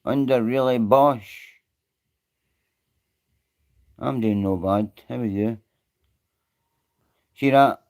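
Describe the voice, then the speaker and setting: A man's voice: mid-range voice, takes it slowly, a little mellow. A Scottish man on a live stream, rambling and greeting viewers by name in casual chat.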